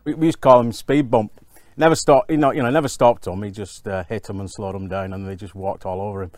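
A man's voice: lowish voice, fairly even intonation, fast talker, a little mellow, no echo. A man, a former teammate, telling a chatty anecdote about a player in an interview, sounding distant from the microphone. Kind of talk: interview recollection.

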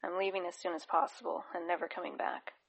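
A woman voicing a proud, sharp-tongued young woman hunter, loud and forceful. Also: fairly low pitch, steady tone, quick pace, vocal fry, husky. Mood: bitter.

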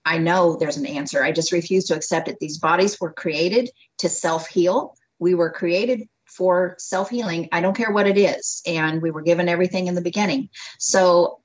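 A woman doctor tells her story as an interview guest, animated and quick to laugh, acting out each exchange. Her voice sits a little low. The recording is dull and lo-fi. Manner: animated storyteller who acts out dialogue and laughs often. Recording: dull lo-fi audio.

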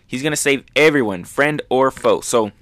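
A man's voice: medium pitch, moderate pace, fairly bright tone, dry recording, studio quality. A man hosting a manga review, chatting loosely with lots of fillers and swearing as he recaps chapters. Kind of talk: casual recap commentary.

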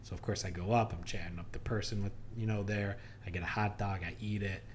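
A podcast co-host, a man, spins a travel story in relaxed chat. His voice sits a little low, and he jumps up high to act out the people in the story. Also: fast talker, a little hiss or hum. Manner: animated storyteller, acts out quotes.

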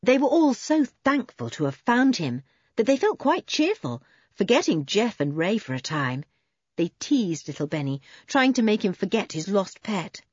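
A woman's voice: slightly rough, no room sound. Woman reading a children's adventure story. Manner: lively, voices the children in higher pitch. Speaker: audiobook narrator. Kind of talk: storybook reading aloud with character voices. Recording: dull lo-fi dry recording.

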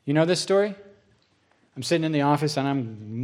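A middle-aged man preaching a sermon as pastor, telling stories and acting out both sides of a dialogue, then dropping to a hushed voice for solemn moments. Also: medium pitch, brisk, long pauses.

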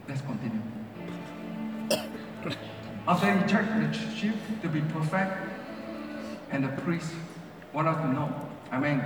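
A male pastor preaches in a high, ringing voice, leaning on repeated phrases that rise and fall. His English has non-native grammar. He is heard from a distance in a large, very echoey church hall. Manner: rising and falling emphasis, repeats phrases. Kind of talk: sermon.

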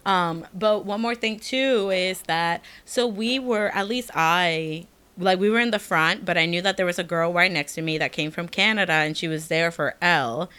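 A young adult woman co-hosting a casual chat, telling a story with lots of animation and jumping high when she acts out quotes. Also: normal speed, few pauses, pushed and bright, smooth. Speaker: podcast co-host.

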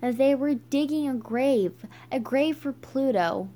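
A woman reading a children's book aloud, halting and stumbling with frequent restarts. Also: high-pitched, warm tone. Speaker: reader.

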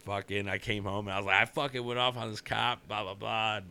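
A man telling a story in casual chat, profane and animated, often laughing. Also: lowish voice, quick pace, creaky, smooth.

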